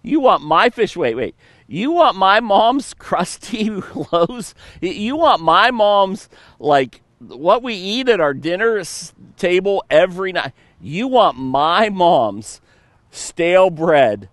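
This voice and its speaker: A male preacher puts on a startled young boy, his voice lifted high and cracking into stammers. He keeps asking the same astonished question over and over. The sound is dry and close, with no room around it. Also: very animated, takes it slowly, fairly bright tone, no room sound, heavily acted. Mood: incredulous. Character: young boy, incredulous about giving his lunch.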